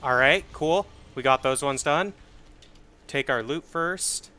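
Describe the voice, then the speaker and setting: A young man casually explaining his game build on a livestream, swearing and getting excited once the fights start. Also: medium pitch, takes it slowly, clear, resonant tone. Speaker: streamer. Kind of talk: casual gameplay commentary.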